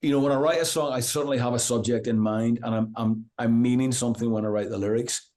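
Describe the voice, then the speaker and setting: A male rock musician chats through a relaxed interview, spinning long anecdotes. He keeps restarting his sentences and dropping in "you know", and he acts out what other people said as he goes. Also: mid-range voice, fast. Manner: animated anecdote-teller, acts out quoted voices, many restarts and "you know". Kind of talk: casual interview storytelling.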